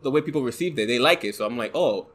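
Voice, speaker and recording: A man with a soft voice, speaking as a podcast guest in casual conversation, hesitant and full of fillers and restarts. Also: mid-range voice, very fast. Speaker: guest, photographer and content creator.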